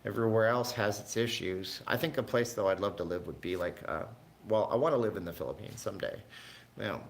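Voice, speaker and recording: A Canadian-born man hosts a relaxed livestream from his home, rambling chattily from thought to thought while answering viewers' chat. His voice is lowish, fast and creaky, with a faint hiss in the background.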